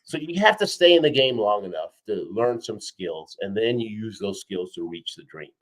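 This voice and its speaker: A man telling a story as a guest in an interview, energetic and punctuating his points with "right?" and "okay?". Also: on the low side, normal speed, poor audio. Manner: energetic, frequently acts out quoted voices, punctuates with "right?" and "okay?". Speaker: guest, four-time Olympian and keynote speaker. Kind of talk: animated storytelling in a podcast interview.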